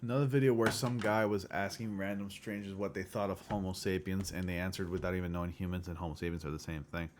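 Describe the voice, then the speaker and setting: Low-voiced man rambling on a livestream. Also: fairly even intonation, quick pace, hardly any pauses, a little hiss or hum. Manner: rambling, with filler words and frequent chuckles. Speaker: livestream host. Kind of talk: casual livestream chat.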